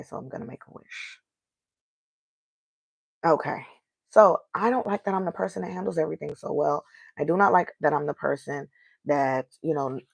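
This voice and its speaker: Candid venting woman with a gravelly voice. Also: extremely low pitch, darkish tone, no room sound. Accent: African American. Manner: candid, venting, rhetorical questions. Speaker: podcast host. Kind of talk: casual solo podcast monologue.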